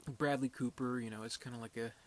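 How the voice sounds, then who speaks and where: A young man talks through a movie review off the cuff. He rambles and hesitates, filling gaps with "um" and "you know" and restarting his sentences. His voice sits at an ordinary middle pitch, with a faint hum of room ambience behind him. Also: fairly even intonation, fast talker. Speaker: film reviewer. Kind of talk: casual unscripted movie review.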